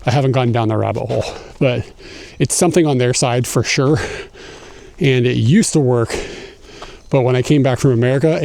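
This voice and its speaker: A man's voice: mid-range voice, vocal fry, darkish tone, slight background noise. Breathless man ranting on a walking stream. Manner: profane, laughing, ranting. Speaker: livestreamer. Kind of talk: casual IRL livestream chat. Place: outdoors walking in a snowy park. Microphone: phone carried while walking. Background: faint outdoor ambience.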